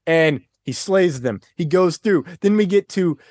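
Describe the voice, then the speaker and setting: A man guest on a podcast, chatting casually and retelling scenes in an excitable, animated way. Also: high-pitched, measured pace, no room sound, studio quality. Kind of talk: casual chat.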